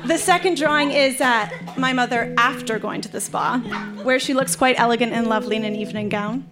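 A woman's voice: a little high, fairly quick. A woman reading her childhood letter and drawing notes aloud in a live club, amused as she goes. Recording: live club with guitar music.

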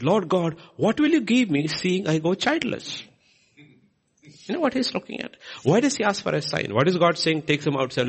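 A man preaching a sermon in a church, acting out scripture quotes with big swings in emphasis. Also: breathy edge. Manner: animated, swinging pitch and loudness for emphasis.

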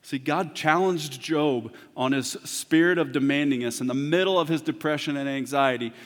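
A man preaching a sermon as pastor, moving from hushed, intimate talk to loud, impassioned preaching. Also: fairly high pitch, normal speed. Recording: long hall reverb.

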